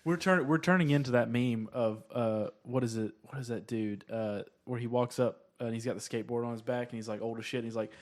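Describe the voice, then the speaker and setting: A man in his thirties co-hosting a casual comedy podcast, talking haltingly with many fillers. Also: medium pitch. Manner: halting, filler-heavy, laughs at his own jokes. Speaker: podcast co-host.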